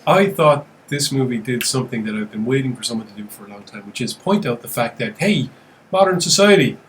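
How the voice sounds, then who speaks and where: A man co-hosting a horror podcast, chatting casually and giving quick, opinionated takes. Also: mid-range voice, slight background noise, low-quality recording. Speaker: podcast co-host. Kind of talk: casual chat.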